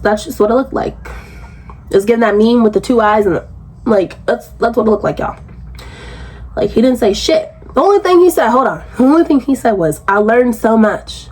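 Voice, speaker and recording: A woman recapping a reality show in casual commentary, blunt and profane, jumping into high outraged pitch when incredulous. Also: animated, fairly quick, darkish tone, breathy edge.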